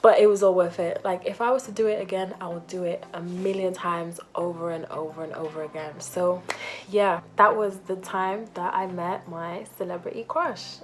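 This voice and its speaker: A young woman telling a storytime vlog, animated and acting out quotes in different voices. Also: lowish voice, normal speed. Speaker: vlogger.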